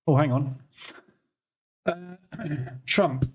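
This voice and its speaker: A man's voice: medium pitch, moderate pace, darkish tone. A man hosting a live trading stream, talking casually and incredulously, often laughing. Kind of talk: live market commentary.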